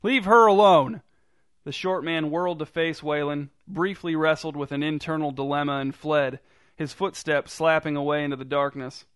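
A man reading a story aloud in a dry, deadpan narrating manner. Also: a little high, moderate pace, smooth, no echo. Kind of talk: scripted narration.

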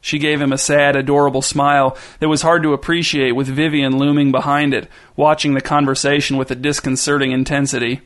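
A man reading a story aloud as narrator, with even, wry narration. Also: mid-range voice, brisk, hardly any pauses.

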